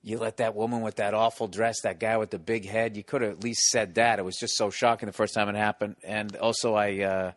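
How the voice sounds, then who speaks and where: A stand-up comedian in his forties spins stories in relaxed chat, his Boston accent thick and his language full of swearing. He talks a little fast in a fairly low voice, barely pausing, and acts out hecklers shouting at him. There's no echo.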